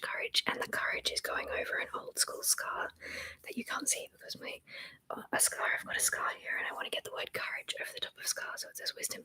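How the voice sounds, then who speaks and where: A young woman in a soft, tinkly whisper, chatting with viewers on an ASMR livestream and softly repeating words. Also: rough recording. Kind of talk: whispered live chat.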